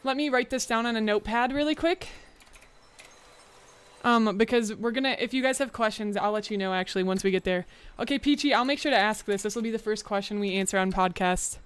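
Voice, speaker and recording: A young woman streamer chats casually with her live chat from a room at home lit by a bright window. Bubbly and talkative, she sprinkles in lots of "like." Her voice is slightly high, fairly quick and clean in tone.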